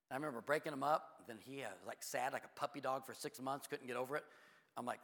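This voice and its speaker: Middle-aged male pastor preaching in a big reverberant church, bright edgy high voice, goes from hushed to loud. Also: animated, fast, gravelly. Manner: swings from quiet confiding to loud preaching. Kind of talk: sermon.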